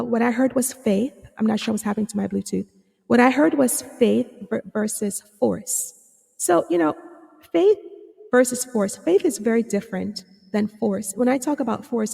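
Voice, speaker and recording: A woman hosting her own podcast as a psychotherapist, talking earnestly with many fillers and restarts, a little hoarse. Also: a little high, dark tone, in a large hall. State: slightly hoarse, clearing her throat. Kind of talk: reflective solo podcast talk.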